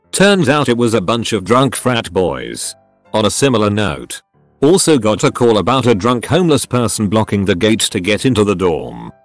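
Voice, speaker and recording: A man with a fairly low voice reads stories aloud in a plain storytelling way, his pitch moving a lot. The recording is close and dry. Faint music plays underneath. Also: no room sound. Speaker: narrator. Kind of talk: reading online stories aloud.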